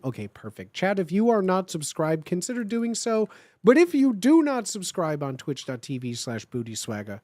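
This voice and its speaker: A streamer reading fan fiction aloud on a live stream, chatty and excitable, talking straight to the chat. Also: medium pitch, no echo.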